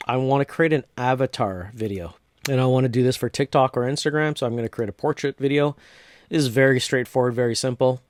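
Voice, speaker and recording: A man from North America casually walking through a software tutorial step by step, with frequent restarts. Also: mid-range voice, quick pace, no room sound. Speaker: tutorial host. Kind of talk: screen-recorded software tutorial.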